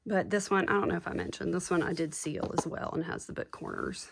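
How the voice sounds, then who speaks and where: A woman's voice: lowish voice, big pitch swings, brisk, gravelly, slight background noise. A woman chatting casually and gushing as she shows off handmade journals to her viewers. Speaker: craft seller showing handmade junk journals. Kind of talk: casual show-and-tell chat.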